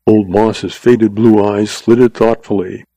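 A man narrating a western audiobook in a steady storytelling voice. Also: fairly low pitch, takes it slowly, no room sound, rough recording.

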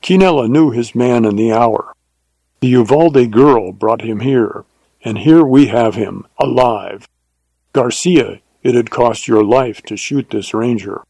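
A man's voice: medium pitch, measured pace, gravelly, dark tone, no echo, rough recording. A man voicing a harsh bandit leader. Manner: harsh, commanding.

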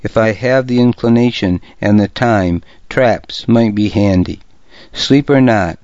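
A man reading a first-person survival story aloud in a steady, measured way, as a radio reading-service narrator. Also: lowish voice, no echo. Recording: dull lo-fi radio recording.

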